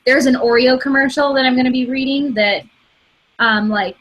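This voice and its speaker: A woman's voice: sits high, moderate pace, lo-fi sound. A woman in her twenties from Michigan with a slight Michigan accent, chatting casually and laughing easily. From Michigan, USA. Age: 20s. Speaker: co-host. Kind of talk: casual chat.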